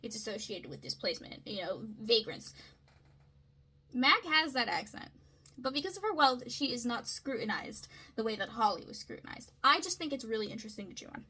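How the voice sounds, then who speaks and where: A woman breaks down a story in an easy, conversational way, often pausing to check in with her listener. Her voice sits a little high and has a sharp, bright tone. It is also breathy and a bit husky. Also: very animated, low-quality recording. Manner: chatty, frequent checks like "right?" and "okay?". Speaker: video essayist. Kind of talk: casual literary analysis.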